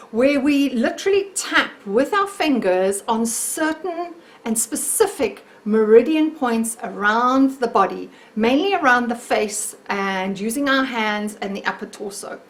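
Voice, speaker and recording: A woman wellness coach leading a guided self-help tapping exercise in a gentle, encouraging, chatty way, talking to the camera. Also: fairly high pitch, expressive, measured pace.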